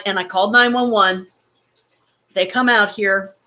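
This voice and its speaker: Woman vlogger, halting and near tears, swearing as she talks. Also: mid-range voice, steady tone, sharp tone. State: holding back tears. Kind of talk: emotional personal story.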